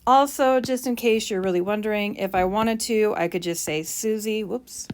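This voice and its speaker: A woman's voice: medium pitch, normal speed, slight background noise. A woman teacher explaining punctuation while writing, with playful mock bragging asides.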